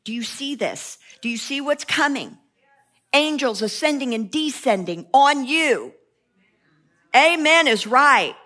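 A woman's voice: high voice, lively intonation, slow pace, bright, forceful tone. A woman preaching a sermon with passion, mixing joking asides with fervent repeated cries.

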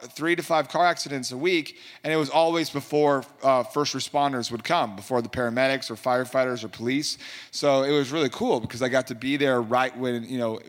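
A man's voice: a little high, a bit bright, big-room sound. A man telling a faith testimony in a casual, rambling way, with many fillers and restarts. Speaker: Christian minister telling a testimony.

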